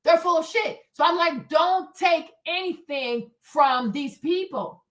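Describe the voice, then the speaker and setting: A woman with a high voice hosts a livestream commentary. She rants hotly and profanely, driving each point home by repeating it. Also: takes it slowly, a bit bright. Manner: profane, heated, emphatic repetition. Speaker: show host.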